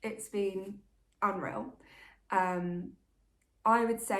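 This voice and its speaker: A woman's voice: medium pitch, moderate pace, roomy sound. A woman, chatting candidly to camera in a casual, open vlog manner. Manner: open, candid and chatty, talking like to a best friend. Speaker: vlogger.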